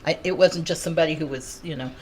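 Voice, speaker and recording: An American woman giving an eyewitness account to a reporter outdoors at a street scene, telling her story excitedly and acting out what people said. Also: low voice, quick pace, slight background noise. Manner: excited storytelling, acts out quotes. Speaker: eyewitness neighbor. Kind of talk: on-scene news interview.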